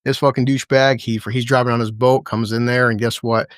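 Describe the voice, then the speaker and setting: A man's voice: mid-range voice, little pitch movement, brisk, clear, resonant tone, no echo. Male streamer, loose profane recap talk, frequent laughter, dry mic. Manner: rambling, profane, laughing often. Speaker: show recap host. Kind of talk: casual livestream episode recap.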